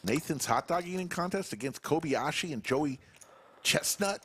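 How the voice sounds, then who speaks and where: A man's voice: on the high side, animated, brisk, background noise. A man doing live poker commentary, playfully telling stories about the players at the table.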